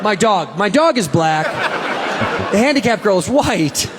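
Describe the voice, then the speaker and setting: Animated stand-up comedian, high lively voice. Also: male voice, a little slow, crowd noise, background noise. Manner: animated, acts out voices in his story. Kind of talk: stand-up storytelling.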